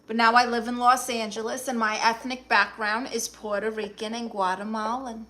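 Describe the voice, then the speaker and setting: A woman playing a brassy, sassy aunt from Brooklyn who poses as a therapist, with a New York accent, firing back quick comebacks as she reads viewer comments aloud on a phone live stream. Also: fairly high pitch, level tone, pushed and bright, a little hiss or hum. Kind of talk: comedic improvised live stream.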